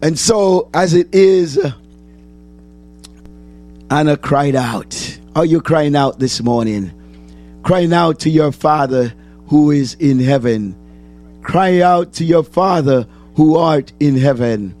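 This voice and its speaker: A man preaching a sermon, asking the congregation questions and answering them, repeating phrases and rising to shouts. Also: a little high, slow, faint music behind.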